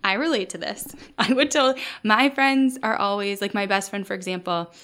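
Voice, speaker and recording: A chatty woman hosting a casual podcast in a mid-pitched voice. She recaps at length with plenty of fillers and loose, rambling sentences. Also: normal speed, noisy background. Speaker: podcast host. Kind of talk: casual chat.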